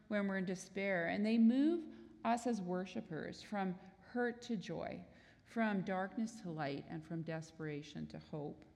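A woman's voice: mid-range voice, creaky, darkish tone, big-room sound. A woman preaching a sermon in an earnest, explanatory way, sometimes acting out quoted prayers.

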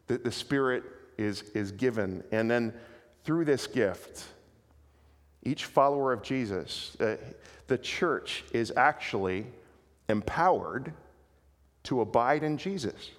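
A man preaching a sermon in an earnest, animated way, often restarting his phrases. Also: mid-range voice, slow, pauses often, long reverb tail. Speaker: pastor.

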